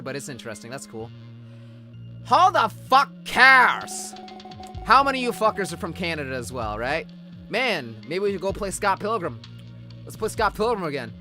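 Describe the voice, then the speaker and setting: A man streaming a game, reading its text aloud and riffing on it in a jokey, excitable way, swearing and often breaking into loud shouts. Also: fairly high pitch. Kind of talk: let's play commentary and reading game text.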